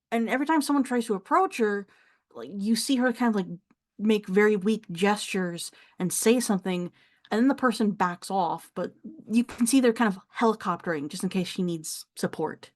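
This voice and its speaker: A woman's voice: medium pitch, a little mellow. A woman narrating as game master of a tabletop game in a casual, chatty way. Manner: casual, chatty, laughs between descriptions.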